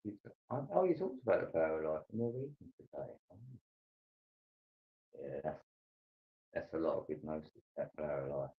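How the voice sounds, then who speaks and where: A man's voice: very deep voice, animated, brisk, long pauses. A man hosting a livestream, chatting casually in a loose, meandering way. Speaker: livestream host. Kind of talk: casual chat. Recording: dull lo-fi stream audio.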